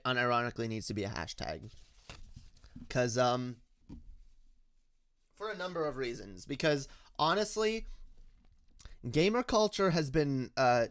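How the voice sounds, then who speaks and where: A man's voice: medium pitch, a bit bright, clear, resonant tone, no echo. A man hosting a livestream, chatting casually and reading chat, with rambling speech full of restarts. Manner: rambling, lots of fillers and restarts, laughs often.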